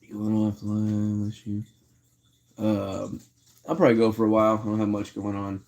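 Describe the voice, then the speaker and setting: A man's voice: lowish voice, flat delivery, moderate pace, darkish tone. A man chatting casually on a livestream, slangy and laid-back, talking to his chat. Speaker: live streamer.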